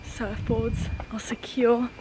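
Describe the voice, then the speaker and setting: A young woman talking casually to her camera in a vlog, chatty and excitable. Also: a little high, slow, low-quality recording. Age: young adult. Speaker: vlogger. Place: van and outdoors. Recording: loud background music.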